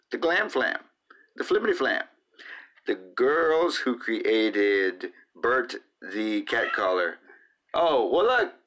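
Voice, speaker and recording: A man's voice: fairly low pitch, pushed and bright. A man hosting his own podcast alone, rambling casually with lots of fillers and talking to his cat in between. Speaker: podcast host. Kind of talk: casual solo podcast chat.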